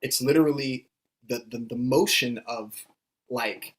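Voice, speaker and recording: Halting, hesitant male podcast co-host. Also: mid-range voice, fairly bright tone. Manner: halting, hesitant, many "um" and restarts. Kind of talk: casual podcast chat.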